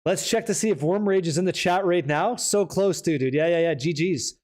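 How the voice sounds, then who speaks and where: A man's voice: sits high, brisk, few pauses, darkish tone. A young man hosting a live stream, reading chat aloud and joking in a casual, hyped way with some swearing. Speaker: streamer host.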